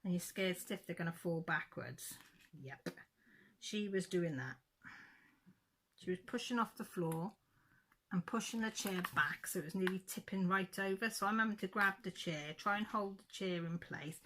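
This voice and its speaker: Chatty middle-aged woman, lower voice. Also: moderate pace, a bit bright. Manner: chatty, rambling, with frequent self-corrections. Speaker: craft vlogger. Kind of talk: casual chat, storytelling.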